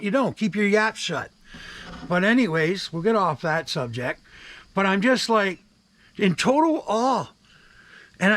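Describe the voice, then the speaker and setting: Older Canadian man ranting, high voice. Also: creaky, a bit bright. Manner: profane, repeats "I said" while retelling calls. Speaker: vlogger. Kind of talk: angry ranting monologue. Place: home in the wilderness.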